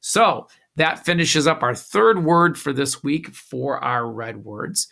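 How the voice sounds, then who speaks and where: A man teaching a recorded classroom phonics lesson, giving slow, patient instructions with a few "uh"s. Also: medium pitch, creaky, sharp tone.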